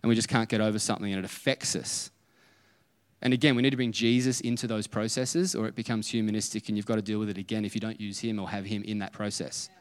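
A man's voice: fairly low pitch, fairly even intonation, fast, smooth. A man, preaching a conversational sermon and acting out little dialogues as he tells stories. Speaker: pastor. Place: church auditorium. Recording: long hall reverb.

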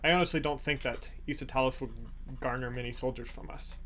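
A man voicing a loyal male warrior chief in a tabletop game, speaking in a measured, low-key way. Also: fairly bright tone, a little hiss or hum, natural voice. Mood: earnest.

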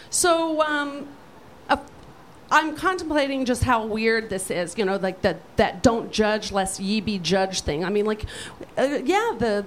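A woman telling a profane, animated comic story on stage, brash and lively. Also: medium pitch, a little hiss or hum, low-quality recording. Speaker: storyteller guest.

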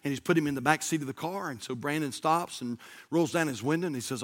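A man, a pastor telling a folksy, animated story in a sermon. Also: a little high, quick pace.

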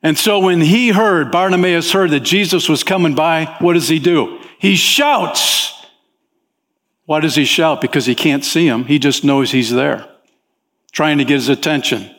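A man preaching as a pastor, talking with the congregation in an easygoing way and often saying "man", and his pitch rises sharply when he voices desperate pleas. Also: measured pace, fairly bright tone. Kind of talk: sermon. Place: church sanctuary. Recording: long hall reverb in a church.

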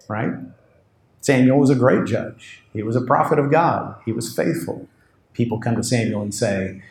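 A man's voice: medium pitch, a little mellow. A male pastor delivers a sermon in a mid-range voice. He tells the story with animation, slipping into the voices of the people he describes. The room carries a noticeable echo.

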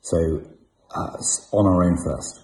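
A man leading a congregation in confession and prayer, speaking in a slow, measured and solemn way. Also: sits low, fairly even intonation, a little mellow, rough recording. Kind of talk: liturgical prayer and invitation.

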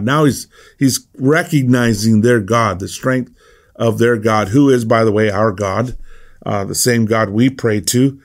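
A middle-aged pastor speaking in an easygoing, conversational way as he reads Scripture and reflects on it. He often repeats words and restarts phrases while he thinks, with the relaxed tone of an informal weekday devotional. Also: medium pitch, moderate pace. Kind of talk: devotional Bible teaching.

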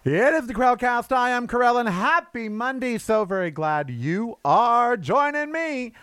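A man's voice: very high-pitched, animated, a little slow, fairly bright tone, clean tone, dry recording, faint music behind. A man in his sixties hosting a casual solo podcast, chatty and campy, laughing at his own stories. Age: 60s. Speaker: podcast host.

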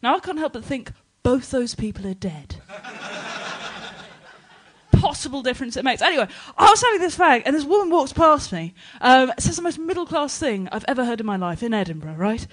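A woman's voice: high voice, animated. An English woman performing a bawdy stand-up set to a live audience, laughing often between punchlines. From England. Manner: brash, bawdy, quick punchlines with frequent laughs. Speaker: stand-up comedian. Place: live comedy stage with an audience.

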